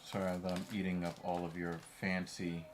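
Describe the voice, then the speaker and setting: A man's voice: low-pitched, completely flat delivery, moderate pace, background noise. A man co-hosting a casual watch-party chat, blunt and offhand, swearing casually. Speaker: co-host.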